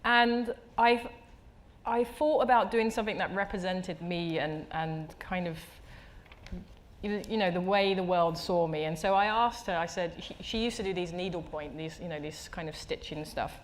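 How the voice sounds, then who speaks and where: A woman's voice: lowish voice, normal speed. A woman, an artist guest who tells stories at a live talk, reflective, restarting her words and acting out the voices she quotes. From England. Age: 30s. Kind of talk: conversational storytelling at a live talk. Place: stage at a live talk venue.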